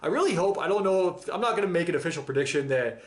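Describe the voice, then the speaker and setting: A man's voice: high voice, lively intonation, very fast. A man giving a casual, enthusiastic and emotional reaction monologue about a TV episode, using slang and nearly choking up. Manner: enthusiastic, emotional, slangy, breaks down near tears. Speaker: reaction channel host.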